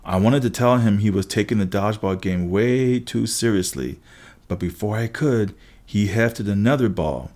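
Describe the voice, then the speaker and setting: A man reading a first-person adventure story aloud as an audiobook narrator, brisk, with occasional restarts. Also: lowish voice, darkish tone.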